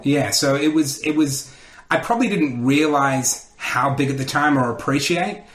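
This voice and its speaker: A man, a comedian telling lively stories in a podcast interview and acting out the voices of people he quotes. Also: a little high, normal speed, reverberant. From Australia. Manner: animated storyteller who acts out quotes. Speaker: comedian and radio host, podcast guest. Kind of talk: casual interview storytelling.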